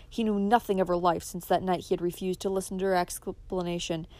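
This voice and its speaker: Female audiobook narrator, expressive, dry close sound. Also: medium pitch, no echo. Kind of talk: scripted narration.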